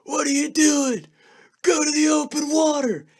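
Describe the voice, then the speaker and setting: A man voicing his reckless young male friend, shouting and taunting in a high, strained voice. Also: racing. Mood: yelling. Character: rowdy reckless young male buddy yelling.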